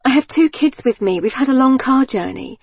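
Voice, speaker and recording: A woman's voice: high voice, expressive, a little fast, creaky, slightly rough, no echo, studio quality, voice pushed up, exaggerated voice. A woman voicing a flustered, apologetic suburban mum who gushes and pleads. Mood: pleading. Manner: gushing, apologetic, breathless.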